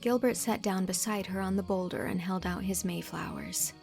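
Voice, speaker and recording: Gravelly-voiced woman narrating a novel. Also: fairly low pitch, faint music behind. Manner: expressive, measured storytelling. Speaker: audiobook narrator. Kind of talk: scripted narration.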